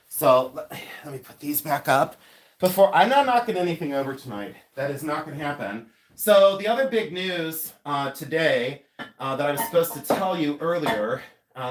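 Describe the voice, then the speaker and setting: A man from Ohio, a reseller and collector, chatting casually and rambling on a live stream, with many fillers and words spelled out slowly. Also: fairly high pitch, slight background noise.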